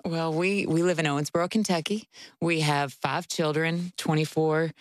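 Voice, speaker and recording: A woman's voice: sits low, fairly even intonation, normal speed, no room sound. A woman in her forties, a guest on a talk show, telling her marriage story candidly and expressively with frequent laughter. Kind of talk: conversational interview storytelling.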